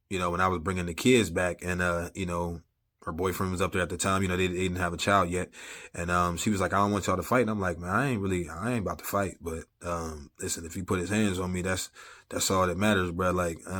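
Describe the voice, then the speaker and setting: A man's voice: deep voice, a bit bright. A man speaking casually about faith and family, talking to viewers in a loose, conversational way with lots of "you know what I'm saying" fillers. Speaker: vlogger sharing personal testimony. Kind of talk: casual faith-based storytelling.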